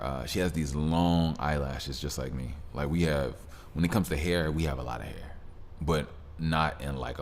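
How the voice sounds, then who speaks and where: With slight background noise behind him, a man with a rumbling low voice delivers a casual solo podcast monologue as host. He rambles in a laid-back way, using plenty of fillers and restarting often.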